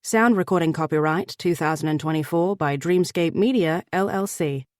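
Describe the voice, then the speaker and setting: A woman narrator with a slightly low voice, reading a fantasy romance in a measured, even way. The recording is dry and close, with no room sound. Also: dry recording. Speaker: audiobook narrator. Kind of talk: scripted narration.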